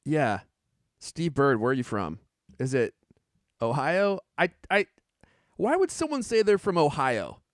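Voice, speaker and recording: A man's voice: fairly high pitch, big pitch swings, measured pace, long pauses, no echo, studio quality. A man co-hosting a live tech podcast, chatty and laughing often as he reads viewer comments aloud. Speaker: podcast co-host. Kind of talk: casual live-stream chat. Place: home studio on a live camera stream.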